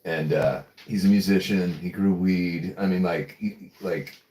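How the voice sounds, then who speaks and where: A man's voice: low-pitched, steady tone, unhurried, mellow, roomy sound, poor audio. A man hosting a livestream, telling rambling stories in casual chat, swearing and acting out voices. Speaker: livestream host.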